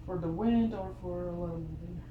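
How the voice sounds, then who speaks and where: A woman's voice: on the low side, brisk, echoey room, phone-quality sound, background noise. A young woman chewing gum, chatting casually and apologetically through an unscripted hair tutorial at home. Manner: chatty, apologetic, rambling with fillers. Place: home room in front of a mirror.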